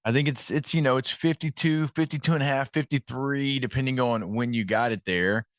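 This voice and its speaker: A man's voice: mid-range voice, brisk, no room sound, studio quality. A male sports radio host in casual conversation, rambling with restarts.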